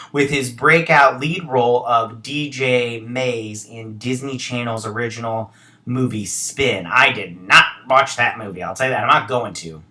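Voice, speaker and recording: A man's voice: mid-range voice, pushed and bright. A man hosting a casual entertainment news roundup, reading articles and breaking off into rambling, opinionated asides. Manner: rambling, opinionated asides between read-out passages. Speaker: host.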